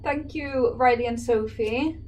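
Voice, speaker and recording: A woman's voice: on the high side, a little slow, darkish tone, a little hiss or hum. Chatty English woman with a Welsh lilt. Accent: Welsh-tinged English. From England. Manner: chatty, laughs often, answers viewer comments. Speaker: painter streaming to viewers. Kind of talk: casual chat while painting.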